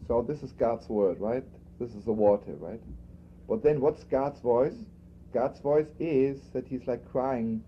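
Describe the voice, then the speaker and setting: A rabbi giving an informal spoken lesson, talking conversationally and repeating himself for emphasis. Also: male voice, mid-range voice, measured pace. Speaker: rabbi teaching a class. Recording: dull lo-fi archival recording with faint background noise.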